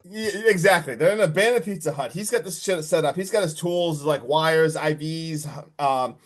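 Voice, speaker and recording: A man casually recapping a horror movie on a podcast, animated and full of swearing, acting out the characters' lines. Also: fairly high pitch, moderate pace. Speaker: podcast co-host.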